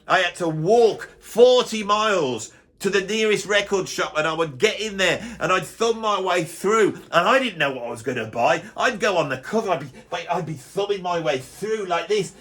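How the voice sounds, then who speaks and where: A man's voice: high voice, animated, normal speed, a bit bright. A middle-aged man playing a bitter, grumpy music snob in a blustering comic rant, grumbling and stumbling over his restarts. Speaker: YouTuber doing a comic character.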